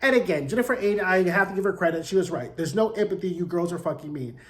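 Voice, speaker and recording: A man's voice: high-pitched, fast talker. A man in his forties giving a casual recap of a TV episode, sassy and profane, peppered with "like" and "right?". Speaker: TV recap host. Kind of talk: casual review commentary.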